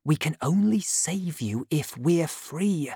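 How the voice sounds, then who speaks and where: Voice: mid-range voice, big pitch swings, slow pace, dry recording, studio quality, voice pushed up. A reader voicing a brave young male swordsman in a storybook, with a raised, eager, heroic delivery. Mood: whispering. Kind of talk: storybook reading.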